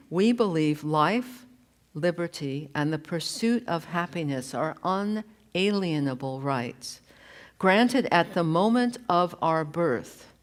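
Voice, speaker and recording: A woman minister giving a sermon in a slow, deliberate, reflective way, from a church sanctuary. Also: deep voice.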